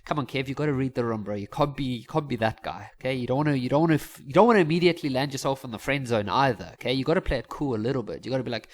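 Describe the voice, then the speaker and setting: A man's voice: mid-range voice, animated, rapid-fire, few pauses. A man teaching a science lesson in a casual, joking and self-mocking way, chatty and full of restarts.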